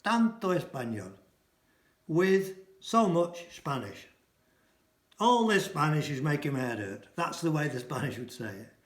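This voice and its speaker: Man, language teacher, repeats and translates phrases, fairly high voice, roomy echo. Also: sing-song. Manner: explains phrases by repeating them slowly and translating. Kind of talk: casual language lesson. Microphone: camera mic.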